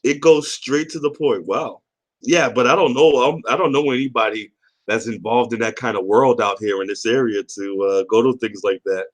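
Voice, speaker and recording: A man's voice: lowish voice, normal speed. A man from the area, hosting a casual livestream chat, rambling, cursing and reading out chat comments. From Boston area. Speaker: livestream host.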